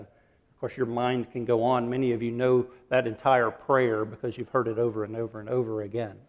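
A man preaching a sermon as pastor, animated, acting out quotes and laughing often. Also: medium pitch. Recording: long hall reverb.

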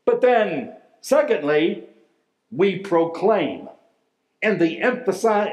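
A man, a pastor, preaching a sermon in a deliberate, emphatic way, drawing out key words. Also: high voice, animated. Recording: echoey room.

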